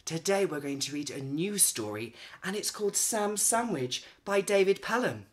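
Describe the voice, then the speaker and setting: A woman reading a children's picture book aloud, expressive, with dramatic pauses and hushed gasps. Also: on the low side. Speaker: children's storyteller.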